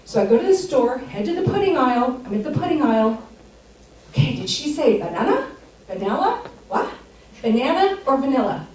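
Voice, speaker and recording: High-voiced woman doing stand-up. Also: big pitch swings, a little fast, a little mellow, a little hiss or hum. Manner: chatty storytelling, laughs at own lines. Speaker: stand-up comic. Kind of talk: stand-up set. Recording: echoey theater, distant mic, audience.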